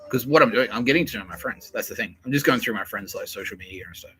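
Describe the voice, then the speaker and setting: A man's voice: lowish voice, fast, fairly bright tone, a little hiss or hum, low-quality recording. A man hosting a podcast, talking in a rambling, profane solo monologue and often laughing. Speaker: podcast host.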